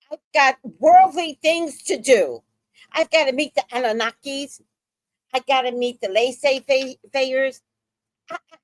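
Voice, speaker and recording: Black woman ranting about celebs, slow and deliberate, dry close sound. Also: high-pitched, dry recording. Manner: blunt, profane, emphatic. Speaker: commentary host. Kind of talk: angry celebrity gossip commentary.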